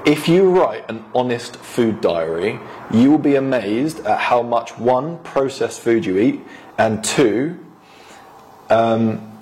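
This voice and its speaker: A man co-hosting a casual podcast, giving relaxed health advice and laughing often. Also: mid-range voice, a little hiss or hum. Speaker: podcast co-host, health coach.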